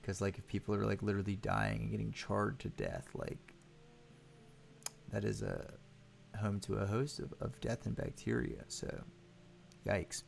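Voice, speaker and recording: A man's voice: lowish voice, fairly even intonation, measured pace, vocal fry, pauses often, a little hiss or hum. A young man giving casual let's play commentary on a horror game, joking, swearing and laughing. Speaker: gaming youtuber.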